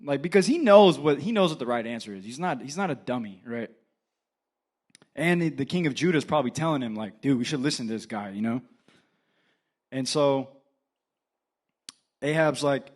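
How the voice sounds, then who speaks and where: A young man, an assistant pastor, preaching a casual sermon, telling the story with animated acted-out dialogue. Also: medium pitch, a little slow, pauses often.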